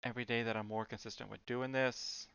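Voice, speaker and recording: A man's voice: mid-range voice, flat delivery, fast, vocal fry, a bit bright, clear, resonant tone, dry recording, muffled recording. A man streaming as he draws, chatting casually with lots of fillers and muttered asides. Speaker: streamer drawing live. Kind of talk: casual rambling stream chat.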